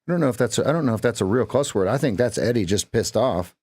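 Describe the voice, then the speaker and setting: A man's voice: mid-range voice, lively intonation, fast talker, a little mellow. A man with an Alaskan accent, a trading coach chatting casually and muttering to himself while watching charts on a live stream.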